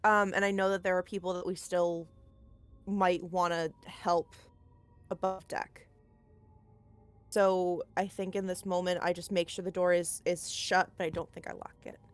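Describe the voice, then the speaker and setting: A woman's voice: lowish voice, flat delivery, a little slow, clear, resonant tone, faint music behind. A woman playing in a tabletop horror game, describing her character's actions in a chatty, hedging way full of "like" and "kind of". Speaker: player. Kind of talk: tabletop role-play, in and out of character.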